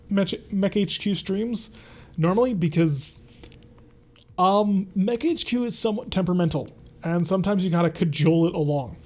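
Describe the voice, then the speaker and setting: Guy streaming a mech game, bit higher voice, mellow, chatty, answers chat as he goes. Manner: chatty, reads and answers chat while playing. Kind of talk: casual game stream commentary.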